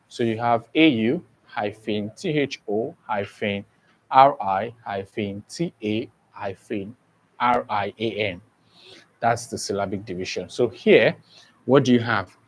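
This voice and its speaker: Male teacher, slow and methodical, spells words out and checks in with the class. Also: on the low side, poor audio. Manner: slow and deliberate, spells words letter by letter and often checks understanding. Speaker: English teacher. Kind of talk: exam-prep grammar lesson.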